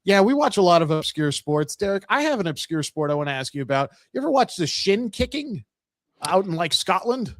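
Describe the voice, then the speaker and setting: A man co-hosting a sports podcast in casual chat, explaining things in a relaxed, easygoing way. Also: high voice, a little fast, dry recording. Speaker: podcast co-host.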